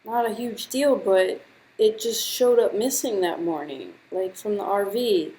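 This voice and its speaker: A woman's voice: mid-range voice, a little slow, warm tone, a little hiss or hum, rough recording. Young woman with a sore throat, chatty. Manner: chatty and dramatic, heavy use of "like". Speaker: vlogger. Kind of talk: casual storytelling to camera.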